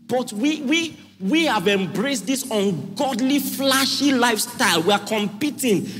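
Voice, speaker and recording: High-voiced preaching pastor. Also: male voice, expressive, a little slow. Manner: forceful preaching, repeats lines, asks audience if listening. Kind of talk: sermon. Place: church. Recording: hall reverb with faint music.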